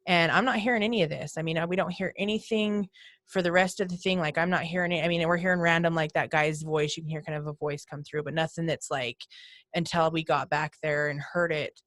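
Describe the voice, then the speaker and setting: A woman's voice: low-pitched, fairly even intonation, a little fast, fairly bright tone, dry recording. A woman guest on a podcast, telling her ghost hunting stories in a chatty way and mimicking voices from her recordings. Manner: chatty, retells events and mimics voices heard on tape. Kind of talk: casual podcast storytelling.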